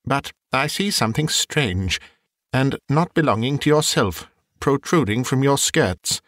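Man voicing miserly old man, uneasy, questioning, slow-spoken, storybook. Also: medium pitch, expressive, fairly bright tone, no echo, studio quality.

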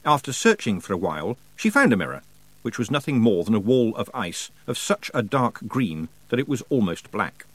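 A man reading a novel aloud as narrator, with measured, expressive storytelling. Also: fairly low pitch, no echo, poor audio. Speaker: audiobook narrator. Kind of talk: scripted narration.

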